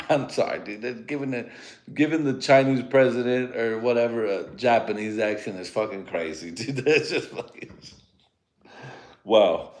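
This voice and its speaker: A man who grew up speaking Spanish, hosting a rambling, profane solo comedy podcast from his home garage. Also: lowish voice. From United States. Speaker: podcast host.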